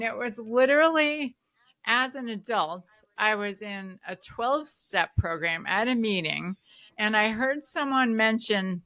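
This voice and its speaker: A woman hosting a podcast, telling stories in a lively conversational way with frequent laughter. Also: on the high side. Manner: animated storyteller, laughs often. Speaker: podcast host.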